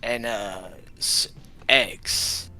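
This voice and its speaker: A man's voice: mid-range voice, very slow, bright, forceful tone, no room sound, soft background music. A man playing in a tabletop game, chatting casually with a dry, self-deprecating manner. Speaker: player.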